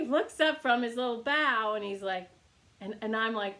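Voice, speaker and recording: A woman reiki teacher telling a casual teaching anecdote, animated and laughing often. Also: mid-range voice, normal speed. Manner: animated storytelling with frequent laughs.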